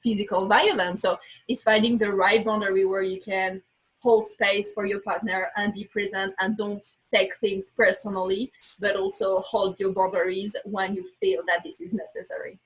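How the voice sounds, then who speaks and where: A woman with a medium-pitched, slightly rough voice speaks at normal speed on a low-quality recording. She's a podcast guest sharing a frank personal story, animated and acting out her own words, in English learned as a second language with little slips.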